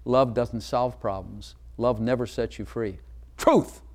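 A man's voice: mid-range voice, slow. Emphatic preacher questioning his congregation. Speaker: pastor. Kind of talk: sermon.

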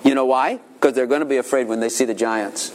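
A man's voice: mid-range voice, fairly even intonation, fast talker, slight background noise. An older man giving an informal sermon as a pastor, telling rambling family stories and acting out children's voices.

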